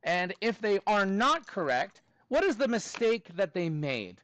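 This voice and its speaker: A man teaching a middle school math class, talking in a playful, animated way with many fillers. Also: high-pitched, unhurried, low-quality recording. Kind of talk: classroom lesson.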